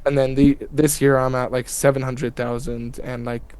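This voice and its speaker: A man's voice: medium pitch, level tone, normal speed, darkish tone, smooth, no room sound. A man chatting casually as a podcast guest, laid-back and rambling with lots of fillers. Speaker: guest piercer.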